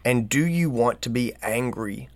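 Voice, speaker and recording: A man's voice: mid-range voice, unhurried, dry recording. Earnest man asking rhetorical questions. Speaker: podcast co-host. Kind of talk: casual conversational advice.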